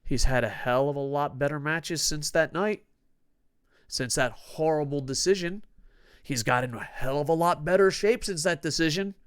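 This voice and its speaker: A man with a somewhat high, smooth and clear voice, hosting a casual wrestling news rant. He talks in a grumpy, profane way, dropping to mutters and then bursting out loud. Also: normal speed. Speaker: host of a wrestling news show.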